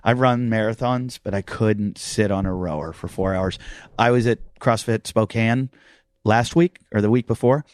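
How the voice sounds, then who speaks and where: A man hosting a podcast at a gym, telling restless, animated stories in casual chat, with plenty of swearing. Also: on the low side, normal speed, dry recording, clean studio sound. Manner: animated, profane, restless storytelling. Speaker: podcast host. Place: CrossFit gym.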